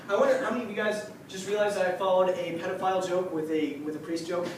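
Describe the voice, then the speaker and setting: A high-voiced teenage man works through a stand-up set on a club stage, chatty and breaking into laughter at his own lines. He is caught from a distance on a mic stand, so the voice bounces around a very echoey room. A steady background noise sits under him. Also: fast talker. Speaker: stand-up comedian. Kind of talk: stand-up routine.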